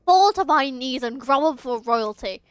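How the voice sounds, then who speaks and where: A woman voicing a haughty young male vampire prince who speaks in pompous, old-fashioned thee-and-thou phrasing, read slowly from a game. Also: sits high, animated, smooth, no echo, faint music behind.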